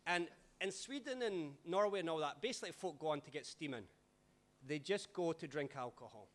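A man, a pastor telling stories in a sermon with dramatic swings in loudness. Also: fairly high pitch. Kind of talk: sermon storytelling.

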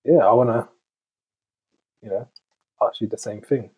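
Man, mellow husky voice, halting, searches for words, podcast co-host. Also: medium pitch. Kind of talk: casual chat.

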